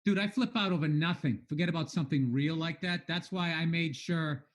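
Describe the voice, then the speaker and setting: A man in his thirties, a guest comedian in a casual chat, candid and animated, swearing a lot. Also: fairly high pitch, brisk.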